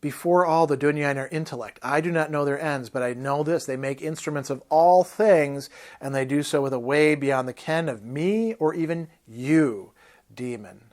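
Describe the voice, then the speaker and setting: A man's voice: on the high side, normal speed, darkish tone, lightly acted. A fierce barbarian warrior speaks bluntly and with open contempt, as though he is lecturing a fool. A man reads the part aloud. His tone stays hard and dismissive throughout. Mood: scornful.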